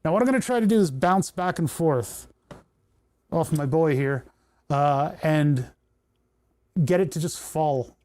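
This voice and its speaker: Mellow-voiced man soldering on a livestream. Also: a little high, expressive, unhurried, pauses often. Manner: thinks aloud and talks to the parts he works on. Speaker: electronics livestreamer. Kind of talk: casual livestream commentary while soldering.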